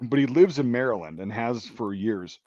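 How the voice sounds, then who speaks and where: A man hosting a casual stream chat, crude and rambling, with loud bursts of laughter. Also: mid-range voice, lively intonation, moderate pace, dry recording. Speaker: stream host. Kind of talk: casual banter. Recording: dull, dry lo-fi mic.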